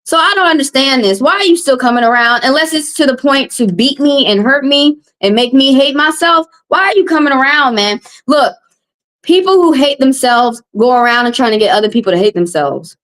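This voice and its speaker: A Southern American woman who reads tarot and hosts live streams launches into a heated rant at her chat, confrontational, upset and repetitive. Her voice sits high and a bit bright, expressive and brisk.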